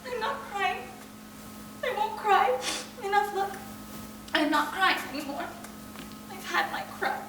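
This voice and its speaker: A woman's voice: extremely high pitch, animated, a little slow, long pauses. Actress as a despairing young woman on stage. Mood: resigned. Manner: emotional, pleading, breaking into outbursts. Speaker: stage actor. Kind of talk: live stage acting. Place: theatre stage. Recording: roomy stage sound from far off.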